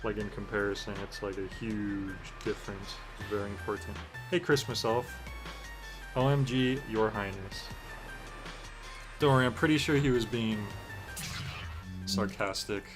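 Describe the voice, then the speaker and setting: This gameplay commentary comes from a man with a lowish voice and fairly flat intonation, talking at a normal speed. He's easygoing and meandering, filling gaps with lots of fillers, while game music plays behind him.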